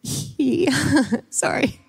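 A woman's voice: sits high, very slow, gravelly. A young woman from Ohio speaking to a church congregation, emotional and laughing, often close to tears. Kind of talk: Mother's Day church talk. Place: large church hall. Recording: long reverb of a hall.

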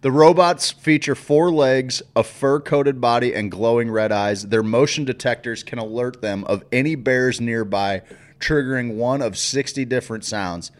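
A man's voice: medium pitch, moderate pace. A man co-hosting a podcast, reading news aloud and adding dry, wry remarks. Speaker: podcast co-host. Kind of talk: casual chat.

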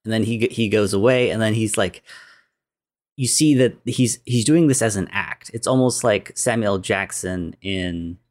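A man with a lowish, darkish voice at normal speed retells a film plot in a rambling, casual way. Many restarts and uses of "like" pepper his speech, and he acts out what the characters say.

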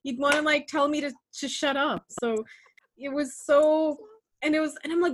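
A woman hosting a podcast, talking in casual chat, expressive and laughing often. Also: high-pitched, normal speed, background noise. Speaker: podcast host.

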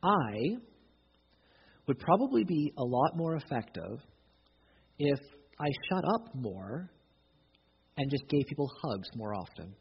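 A man's voice: medium pitch, big pitch swings, takes it slowly, gravelly, long pauses, husky. A man preaching a sermon, emphatic, often restarting his phrases. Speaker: pastor. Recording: dull recording, long hall reverb.

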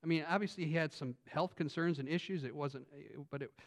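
A pastor preaching an earnest sermon that builds to emphatic points. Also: male voice, a little high, brisk. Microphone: phone on pulpit.

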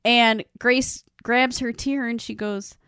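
A woman's voice: on the high side, slow, clear, resonant tone, no room sound, clean studio sound. A woman co-hosting a casual podcast, retelling a show scene by scene and acting out the characters' lines. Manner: animated, acts out characters' lines in quotes. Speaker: podcast co-host recapping a show. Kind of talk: casual chat.

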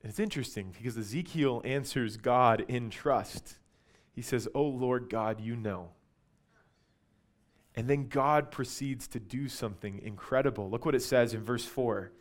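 A man's voice: medium pitch, a little slow. Man preaching a dramatic sermon. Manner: dramatic scripture reading, swings between loud and hushed.

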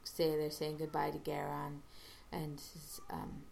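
Woman, low and unhurried, halting casual recap with acted-out quotes. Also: completely flat delivery, creaky, darkish tone, slight background noise. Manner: halting, restarts, acts out quoted lines. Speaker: episode recapper.

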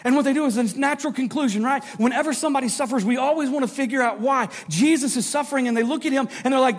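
A male pastor with a high-pitched voice preaches a sermon. He sinks into soft, hushed passages and then builds back up to emphatic, almost shouted lines. He slips in playful jokes to the congregation. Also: fairly quick, hardly any pauses. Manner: dramatic drops to a low hush, then rising emphasis; jokey asides to the congregation.

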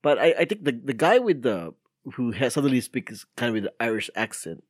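Male podcast co-host, lively pitch, dry close sound, reads news items loosely. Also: a little fast, no echo. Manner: laughs often, trailing fillers. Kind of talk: casual podcast chat.

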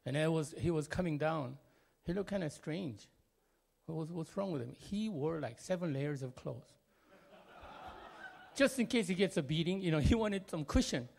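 A man from Korea speaking English, telling a personal family story. He talks expressively, jumping between loud and quiet, with many fillers. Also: fairly high pitch, animated, normal speed, gravelly, long pauses.

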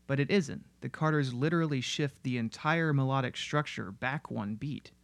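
A man giving scripted narration that explains music in an analytical, steady way. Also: medium pitch, moderate pace, vocal fry, dry recording. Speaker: music video essayist.

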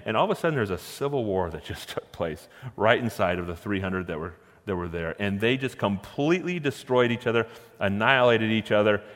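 A man preaching a sermon, retelling a story in a lively, conversational way with chuckling asides. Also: lowish voice. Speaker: pastor. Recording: echoey hall.

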